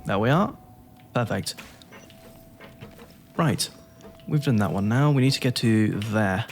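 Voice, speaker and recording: A man's voice: medium pitch, unhurried, soft background music. A man giving casual commentary on his own gameplay, thinking aloud and chuckling to himself. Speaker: gaming YouTuber.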